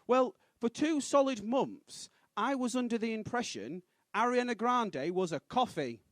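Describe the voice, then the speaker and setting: Young stand-up, high bouncy voice, dry close mic, punchy delivery. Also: male voice, animated, a little slow, dry recording. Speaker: stand-up comedian. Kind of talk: stand-up set. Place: comedy club stage.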